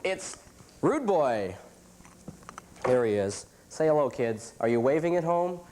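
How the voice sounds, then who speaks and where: A man's voice: fairly high pitch, sing-song, a little slow, background noise. Stuffed-up man hosting a campy show. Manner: jokey, dark-humored, chuckling asides. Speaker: host.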